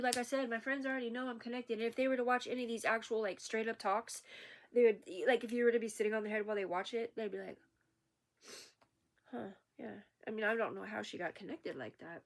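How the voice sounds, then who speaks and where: A woman ranting in an unscripted vlog, rambling, profane and agitated. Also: mid-range voice. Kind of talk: unscripted rant to camera.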